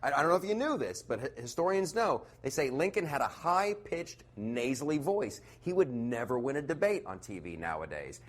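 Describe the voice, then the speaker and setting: A man's voice: mid-range voice, very animated, fairly quick, few pauses. A man from the United States delivering a sarcastic stand-up comedy monologue, laughing at his own jokes.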